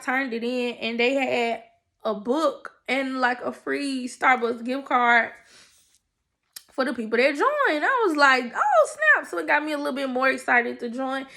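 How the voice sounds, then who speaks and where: Bright, high-pitched woman telling a story. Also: normal speed. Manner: animated, emotional, addresses listeners as y'all. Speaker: person sharing a faith testimony. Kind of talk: casual storytelling.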